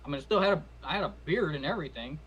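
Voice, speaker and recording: A man with a slightly raised pitch lays out his view in a steady, explaining way on a casual podcast. Faint background hiss runs beneath him. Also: very fast, rough recording. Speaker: podcast co-host. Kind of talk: casual opinion chat.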